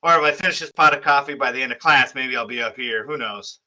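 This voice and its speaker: A man's voice: mid-range voice, quick pace, pushed and bright, rough recording. A sleepy man in his thirties teaching an online history class, talking casually with lots of fillers and restarts. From United States.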